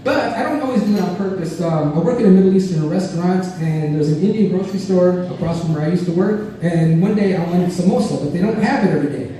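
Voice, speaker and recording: A man's voice: high-pitched, fast, hardly any pauses, dark tone, distant mic, slight background noise. A man doing a rambling, self-mocking stand-up routine, heard from afar in an echoey club. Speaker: stand-up comedian.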